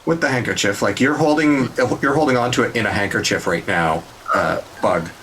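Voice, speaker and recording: A man's voice: on the low side, a little fast, fairly bright tone, slight background noise, rough recording. A man running a tabletop game, explaining what happens with hesitant, filler-heavy speech. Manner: hesitant, many fillers while explaining rules. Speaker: game master.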